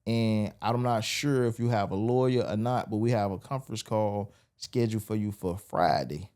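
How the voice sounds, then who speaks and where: A man's voice: on the low side, moderate pace. Guy in his 40s, telling his story on a podcast, acts out everyone he quotes. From Miami, USA. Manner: animated storyteller acting out quoted voices. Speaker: podcast guest. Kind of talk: storytelling interview.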